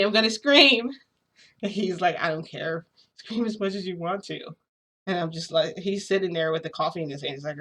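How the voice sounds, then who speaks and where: A woman's voice: sits low, fairly bright tone. A young woman vlogger rambling casually through a personal story, full of filler words. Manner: chatty, rambling, frequent "like" fillers. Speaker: shifting vlogger.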